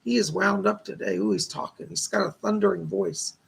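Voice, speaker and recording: A man with a heavily gravelly voice hosts a live psychic reading stream. His tone is husky and a little rough. He talks in an earnest, reassuring way and blesses his viewers. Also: sits high, brisk. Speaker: psychic medium host.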